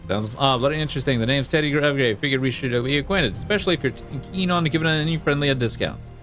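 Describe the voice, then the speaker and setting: A man's voice: medium pitch, fast, a bit bright, soft background music, lightly acted. A man voicing a jovial dwarf monster hunter from a video game, reading his lines with hearty, slightly clumsy delivery.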